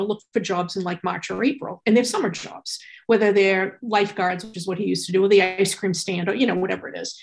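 A middle-aged woman talks casually as a podcast co-host, with the ease of a lively storyteller. She slips into the voices of the people she quotes. Her voice sits at an ordinary middle pitch. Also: vocal fry. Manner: lively storytelling, quoting others. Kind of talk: casual chat.

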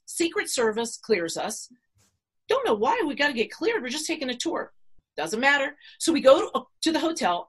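Husky, fairly high middle-aged woman guest, dramatic storyteller who acts out the quotes. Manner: dramatic, acts out quotes with big swings in pitch and loudness. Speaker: podcast guest. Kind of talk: animated storytelling.

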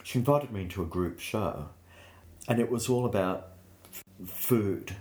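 A man, a painter, telling anecdotes in an animated way during an interview. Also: on the low side, measured pace. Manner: anecdotal, animated storytelling with laughs.

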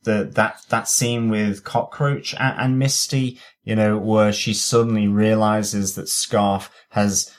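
A man's voice: on the low side, little pitch movement, slow, hardly any pauses. A man co-hosting a podcast, rambling through his thoughts with fillers and stammering restarts. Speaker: podcast co-host. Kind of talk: casual review chat.

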